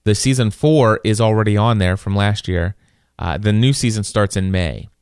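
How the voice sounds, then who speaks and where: A man with a lowish, smooth voice rambles through a relaxed conversation, often restarting his sentences. The sound is close and dry, with no room around it. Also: moderate pace, dry recording. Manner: rambling, many restarts and repeated words. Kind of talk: casual chat.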